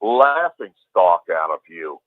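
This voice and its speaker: A man's voice: low voice, sing-song, slow pace, dry recording. Male caller, heated and emphatic, swears; tinny phone audio. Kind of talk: call-in ranting.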